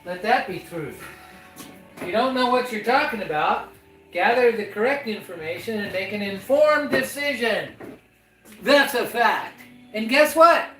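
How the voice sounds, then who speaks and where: Calling the listener "son," a folksy father hosts a casual live stream, chatting about betting odds. His voice is high-pitched, lively, and a little slow, and the room is echoey with loud music playing.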